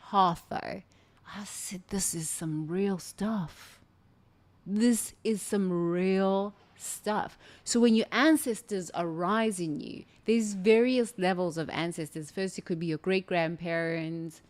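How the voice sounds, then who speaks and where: A woman from southern Africa, telling a spiritual story in an animated, exclamatory way with many restarts. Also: fairly low pitch. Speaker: spiritual speaker.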